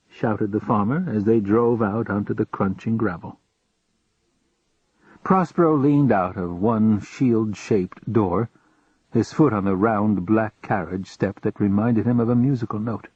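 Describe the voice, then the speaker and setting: Casting: calm male storyteller, husky, dry dull lo-fi recording. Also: fairly low pitch, unhurried, no echo. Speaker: audiobook narrator. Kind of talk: audiobook narration.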